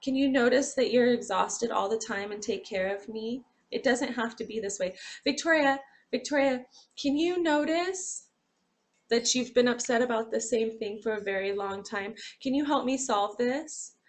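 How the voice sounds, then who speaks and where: Woman voicing her own body, pleading softly. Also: a little high, moderate pace, voice pushed up, lightly acted. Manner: pleading, gently insistent.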